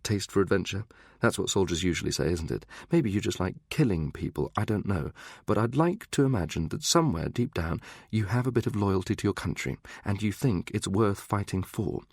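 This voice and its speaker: A man's voice: low-pitched, animated, brisk, vocal fry, hardly any pauses, a little mellow, breathy edge, no room sound, clean studio sound, full character voice. A man voicing a prim middle-aged British diplomat, speaking in a clipped, precise, restrained way. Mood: stern.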